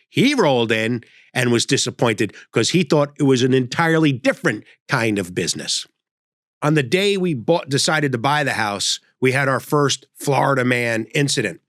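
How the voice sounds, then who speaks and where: A man's voice: mid-range voice, a bit bright, no echo, clean studio sound. Older man telling rambling comic stories. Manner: rambling, self-interrupting storyteller. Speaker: comedy host. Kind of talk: storytelling comedy monologue.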